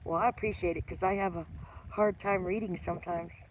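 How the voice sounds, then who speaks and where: A woman's voice: lowish voice, fairly even intonation, a little fast, a little hiss or hum. A middle-aged woman hosting a casual live stream, greeting viewers by name and teasing herself.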